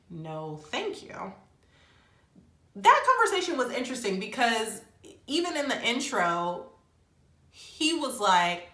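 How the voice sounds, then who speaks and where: Young woman, casual reviewer, bright tone, Black lilt, echoey room sound. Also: fairly high pitch. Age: young adult. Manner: chatty, animated, quotes people in mock voices. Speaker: reality show reviewer. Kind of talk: casual commentary.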